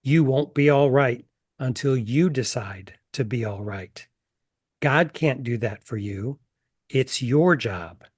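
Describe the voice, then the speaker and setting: A man reading the lines of a gentle, wise woman mentor in a slow, soft, deliberate way. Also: medium pitch, slightly rough, no room sound, clean studio sound. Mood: firm.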